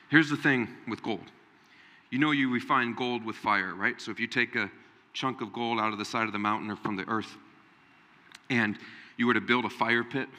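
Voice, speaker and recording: A man preaching a Sunday sermon with a very bright, forceful voice. He talks straight to the congregation and jumps into a higher voice to act out Bible figures. His voice rings with the long reverb of a large hall. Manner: animated, acts out Bible figures in raised voice. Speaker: pastor.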